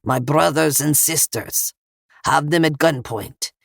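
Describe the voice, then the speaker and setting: A woman's voice: low-pitched, slow, vocal fry, no room sound, studio quality, heavily acted. A woman voicing a menacing male gunman with a Russian accent, cold and smirking, in an audiobook. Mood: calm threatening.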